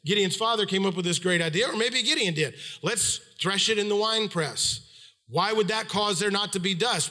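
A middle-aged man preaching a sermon, retelling a scripture story and acting out the voices of its people. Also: pushed and bright. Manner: storytelling, acts out quoted voices with pitch swings.

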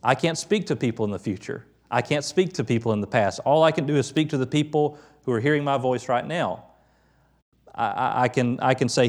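A middle-aged pastor giving a conversational sermon, quick to lift his voice when quoting the prophets. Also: mid-range voice.

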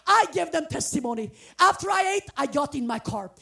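Woman guest preacher from the former Soviet Union: high, gravelly, exuberant, pleading. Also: lively intonation, a little fast. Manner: exuberant, often bursting into shouts and sung phrases; earnest, pleading exhortation. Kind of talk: testimony sermon.

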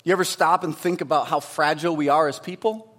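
A middle-aged male pastor preaching a sermon, swinging from loud, emphatic lines to hushed, quiet asides. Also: fairly high pitch, fairly even intonation, quick pace.

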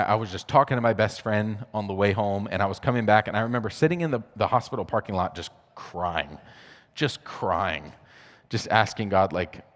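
Low-voiced man in a reverberant hall. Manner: conversational, filler-heavy, acts out dialogue. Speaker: speaker sharing a personal testimony. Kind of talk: testimony talk.

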